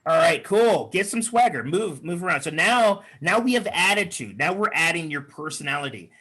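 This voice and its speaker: Man, husky voice, chatty workshop coach, video call, encouraging, lots of fillers. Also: on the high side, animated, normal speed, pushed and bright. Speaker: speaking coach leading an online workshop. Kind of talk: workshop talk with improv exercises.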